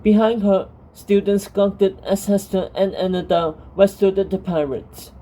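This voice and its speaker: A woman narrates a fantasy story in a calm, steady reading voice. She takes her time with each line, and her tone is dark and mellow. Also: mid-range voice, measured pace, few pauses, low-quality recording.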